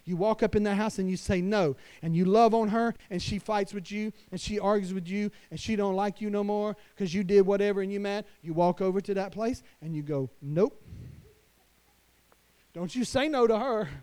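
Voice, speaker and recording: Emphatic high-voiced male pastor preaching. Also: brisk, few pauses, smooth. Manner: emphatic, swings from hushed to loud. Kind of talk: sermon. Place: church.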